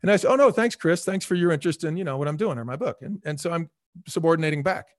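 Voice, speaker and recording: A middle-aged man speaking as an interview guest, telling animated stories and acting out quoted dialogue with lots of fillers. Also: a little high, very fast, dry recording, clean studio sound. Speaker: guest, restaurant executive.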